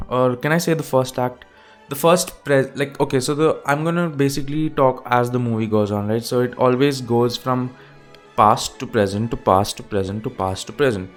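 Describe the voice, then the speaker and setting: A man hosting a casual solo film discussion at home, rambling and correcting himself as he goes. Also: mid-range voice. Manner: rambling, self-correcting, loose and chatty. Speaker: movie review podcaster. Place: home room with an open window.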